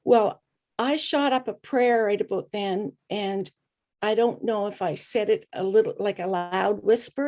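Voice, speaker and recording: A middle-aged woman, a podcast guest, telling her personal story in an earnest, reflective way with hesitant pauses. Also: mid-range voice, a little mellow. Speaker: guest speaker.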